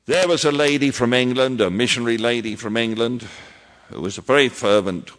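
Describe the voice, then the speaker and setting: A man preaching a sermon as pastor, in a measured way with emphatic repetitions. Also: mid-range voice, fairly bright tone, in a large hall.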